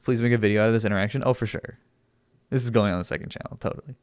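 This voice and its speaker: A man's voice: fairly low pitch, rapid-fire, no room sound. A young man streaming, arguing with his chat in a sarcastic, argumentative way and laughing often. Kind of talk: casual livestream chat.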